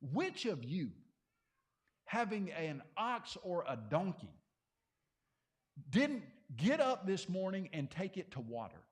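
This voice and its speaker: A man's voice: sits high, sing-song, slow, long pauses, full character voice. A man voicing a firm male religious teacher who confronts a crowd with a pointed question. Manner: firm, raised, challenging.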